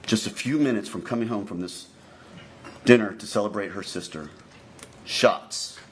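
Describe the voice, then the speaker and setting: A male prosecutor delivering a deliberate opening statement to a jury, repeatedly addressing the jurors directly. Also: lowish voice. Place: courtroom. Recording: echoey courtroom recording, faint noise.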